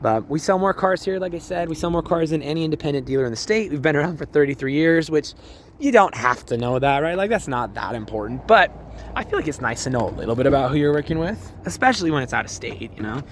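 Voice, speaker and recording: A friendly car salesman with a slightly high voice talks casually and laughs often as he walks around a truck. His voice is a little hoarse from use. The phone recording has clear outdoor background noise. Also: lively intonation, fast talker. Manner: chatty, upbeat, laughs often. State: voice a bit hoarse. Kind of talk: casual vehicle walkthrough. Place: outdoors on a car lot in cold weather.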